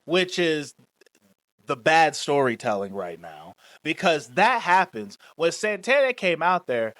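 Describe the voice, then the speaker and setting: A man's voice: fairly high pitch, very animated, measured pace, fairly bright tone, no echo. A man co-hosting a wrestling podcast, chatting casually and explaining at length in a laid-back way. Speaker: podcast co-host. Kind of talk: casual chat.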